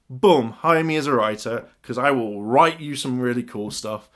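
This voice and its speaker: A young man talking excitedly as a YouTuber in a casual fan theory vlog, acting out little bits of dialogue as he goes. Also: medium pitch. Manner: excited, animated storytelling with quick acted asides.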